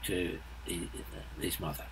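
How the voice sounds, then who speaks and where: Slow, halting man in his seventies. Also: sits low, steady tone, vocal fry, a little hiss or hum, low-quality recording. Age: 70s. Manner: halting, blunt, frequent restarts. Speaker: guest composer. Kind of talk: casual interview chat.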